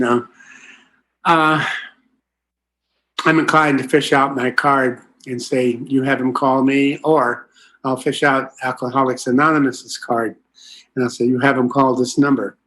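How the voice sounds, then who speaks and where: An older man speaks at a recovery meeting, telling his story in a folksy, rambling way. He fills his talk with asides and fillers. His pitch sits in an ordinary middle range. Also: fairly bright tone.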